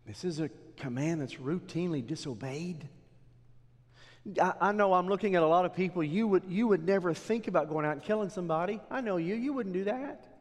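A middle-aged male pastor preaching a sermon in a church, dropping low and then rising to emphatic exhortation. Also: a little fast. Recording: long hall reverb.

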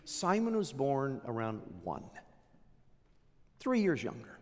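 A man preaching a sermon as pastor, dramatic, swinging from loud declarations to hushed asides. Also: medium pitch, big pitch swings, slow, big-room sound.

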